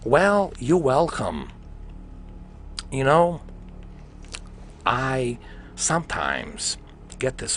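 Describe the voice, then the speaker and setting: Male streamer, mid pitch, lively swings, excitable rambling chat with casual swearing. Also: gravelly, a little hiss or hum. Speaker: gaming live streamer. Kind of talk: casual live-stream commentary.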